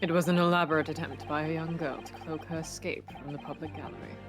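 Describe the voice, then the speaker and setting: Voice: mid-range voice, fairly even intonation, lightly acted. Streamer doing a cold aristocratic prosecutor. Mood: cool. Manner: measured, formal. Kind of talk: voicing a game character on stream. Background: background music.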